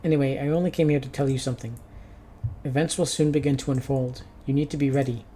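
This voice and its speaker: A man voicing a calm, cryptic stranger who speaks prophecies in a hushed, slow way in a video game. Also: mid-range voice, slight background noise, close to an everyday voice. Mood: ominous.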